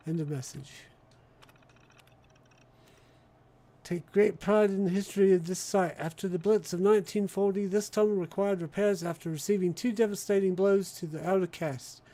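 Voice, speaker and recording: A man voicing a stiff British wartime public announcement from a game terminal, in a halting mock-British read. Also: fairly high pitch, creaky, dark tone.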